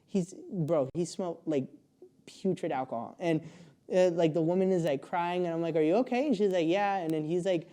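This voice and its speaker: Mellow-voiced young man telling a rambling story. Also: a little high. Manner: rambling, laughs often, many fillers. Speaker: podcast guest. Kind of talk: casual storytelling.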